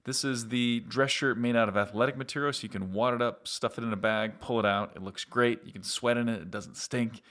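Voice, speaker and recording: A man's voice: medium pitch, fairly even intonation, brisk, hardly any pauses, a bit bright. Upbeat man explaining marketing tips. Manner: upbeat, conversational, direct to viewer. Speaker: marketing agency host.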